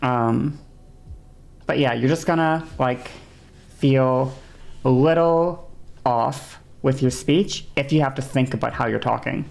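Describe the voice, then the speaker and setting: A woman's voice: very deep voice, takes it slowly, vocal fry, pauses often, a little mellow. A woman streamer with a sore throat, chatting casually and explaining at length, rambling with many fillers and restarts. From English-speaking.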